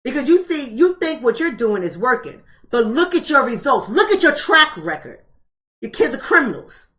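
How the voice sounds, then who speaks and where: Blunt, preachy woman with a bright voice. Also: high-pitched, big pitch swings, moderate pace. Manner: emphatic, preachy, blunt, repeating rhetorical questions. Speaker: book club host. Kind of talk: live-streamed book club talk.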